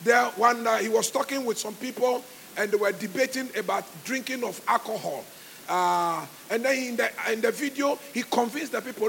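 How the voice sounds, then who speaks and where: High, gravelly-voiced preacher man shouting. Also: normal speed, a little hiss or hum. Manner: preaching with call-and-response, shouting exhortations. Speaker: pastor. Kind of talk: sermon. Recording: live church sermon with music underneath.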